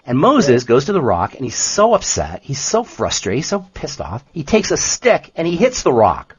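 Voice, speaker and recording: A man co-hosting a health podcast who explains nutrition in an emphatic, animated way, often repeating himself for emphasis. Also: medium pitch, normal speed, husky, dry recording, muffled recording. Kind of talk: casual explanatory podcast talk.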